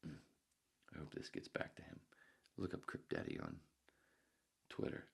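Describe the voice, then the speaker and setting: A man's voice: a bass voice, sing-song, normal speed, vocal fry, pauses often, husky. A man hosting a podcast in a casual, profane, joking ramble, often dropping into muttered whispered asides, while in pain from a sore elbow. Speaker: podcast host.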